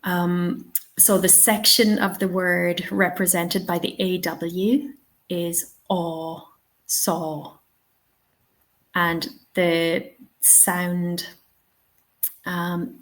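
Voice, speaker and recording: A woman hosting a live webinar, patiently answering questions and giving spoken examples. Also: lowish voice. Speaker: English teaching trainer.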